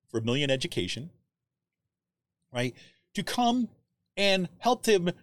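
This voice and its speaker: A man's voice: a little high, no echo. A man hosting a live commentary show, reading quotes aloud and keeping them going with frequent rhetorical questions. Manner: animated, keeps asking "right?", reads quotes aloud; searches through documents while talking, trails off.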